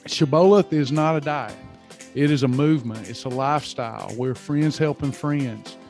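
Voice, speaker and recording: A man's voice: medium pitch, moderate pace, a little mellow, faint music behind. A man hosting a live faith-based wellness session, talking earnestly and repeating himself with many fillers. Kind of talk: casual live webinar talk with guided affirmations.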